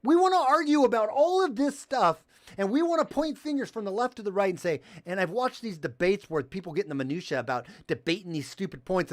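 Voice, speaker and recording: A man's voice: sits high, expressive, fairly quick, dry recording, studio quality. A man hosting a call-in livestream, ranting heatedly with profanity and reading viewer chat aloud.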